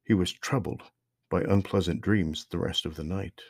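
A man reading a story aloud in a measured, steady narration. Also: deep voice, gravelly, slightly rough, no room sound, studio quality.

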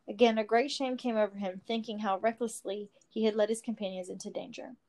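A woman reading a fantasy story aloud in a steady, expressive storytelling manner. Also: mid-range voice, fairly quick. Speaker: story reader. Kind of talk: reading fan fiction aloud.

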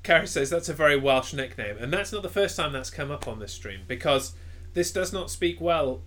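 A man's voice: a little high, lively intonation, moderate pace, fairly bright tone. A man hosting a stream, teasing his co-host with dry banter. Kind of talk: casual chat.

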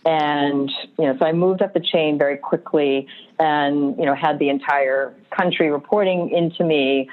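A woman being interviewed, telling animated stories about her career with frequent laughter. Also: sits low, moderate pace. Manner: animated storyteller, laughs often. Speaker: guest. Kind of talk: casual interview chat. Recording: tinny phone-like line.

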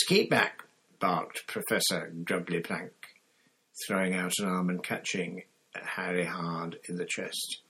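A man narrating a story in a measured storytelling manner, voicing each character. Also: deep voice, fairly bright tone, slightly rough, low-quality recording. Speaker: audiobook narrator. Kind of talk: scripted narration.

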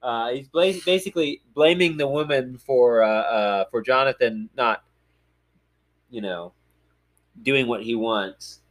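A man's voice: medium pitch, takes it slowly, fairly bright tone. A man on a podcast, reading a Bible passage aloud and breaking off to paraphrase it in casual, joking chat. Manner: reads scripture aloud, stops to joke and paraphrase. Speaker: podcast host.

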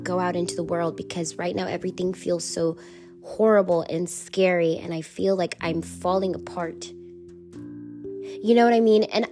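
A woman's voice: medium pitch, a little mellow. A woman hosting her own podcast, talking openly and emotionally in a rambling, repetitive way. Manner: candid, emotional, rambling with repeated phrases. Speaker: podcast host. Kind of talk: confessional solo podcast.

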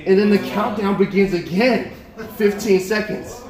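A young man preaching a sermon to a congregation, telling a story in an animated way with repeated words and frequent laughs. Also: high-pitched, moderate pace, a crowd in the background. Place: church hall. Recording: echoey room with a congregation. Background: congregation responding.

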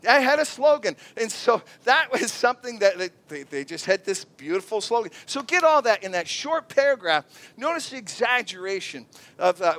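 Male pastor preaching, pretty high voice, animated storyteller doing little voices for people. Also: normal speed, no echo. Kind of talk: sermon.

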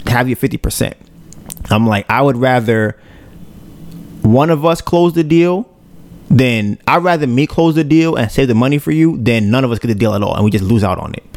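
A man's voice: medium pitch, lively intonation, normal speed, darkish tone, no room sound. A man hosting a podcast who retells events in a loose, slangy way and acts out his own reactions in quotes. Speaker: podcast host. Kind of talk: casual storytelling.

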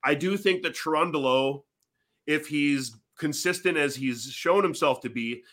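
A man on a casual fan podcast with a bright, forceful, slightly high voice. He wanders through his reasoning, piling up "you know"s as he goes. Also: a little slow. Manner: rambling, many "you know" fillers. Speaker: podcast co-host. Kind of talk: casual sports podcast chat.

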